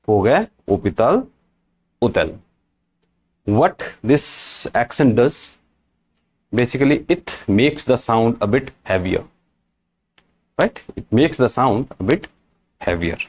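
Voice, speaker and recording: Man, language teacher, animated pitch, slow delivery, repeats every example. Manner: repeats each example several times, checks with "right?" and "correct?". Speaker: French teacher. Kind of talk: slow, repetitive language lesson.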